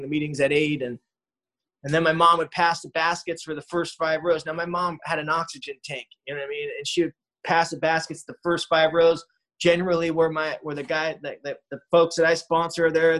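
Poor audio captures a man in his forties with a slightly high, fairly bright voice recounting his own story at a recovery meeting. He drifts along conversationally, restarting often and peppering his speech with "you know."

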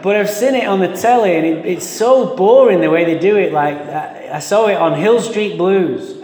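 A man's voice: sits high, normal speed, darkish tone. A middle-aged man from England with an English accent, giving a humorous, profane, self-mocking talk to a meeting audience. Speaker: speaker at a recovery meeting. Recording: echoey hall with long reverb.

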